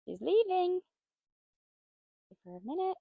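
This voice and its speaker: A woman horse trainer talking casually as she works outdoors with a horse, praising it softly. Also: very high-pitched, very animated, measured pace, creaky, dry recording, phone-quality sound. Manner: soft, coaxing praise to the horse.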